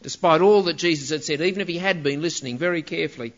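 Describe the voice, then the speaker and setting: A man's voice: fairly high pitch, racing, few pauses, dull audio. A man preaching a sermon, in an emphatic way, asking rhetorical questions and stressing key words.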